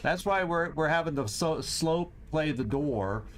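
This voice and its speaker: A man hosting a game stream, thinking aloud through his moves, tallying enemies and cheering loudly at big shots. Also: a little high, animated, unhurried, a little hiss or hum. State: has the hiccups. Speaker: host. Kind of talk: gameplay commentary.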